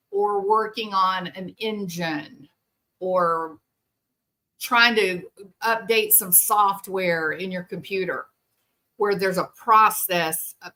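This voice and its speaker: A woman hosting a talk show, explaining things casually and acting out parents and children in quick quoted voices. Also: medium pitch, bright, forceful tone. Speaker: podcast host. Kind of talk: explanatory commentary.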